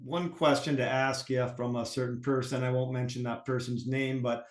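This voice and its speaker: A man hosting a podcast, asking long, halting interview questions full of fillers and restarts. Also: medium pitch, little pitch movement. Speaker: podcast host. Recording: roomy echoey mic.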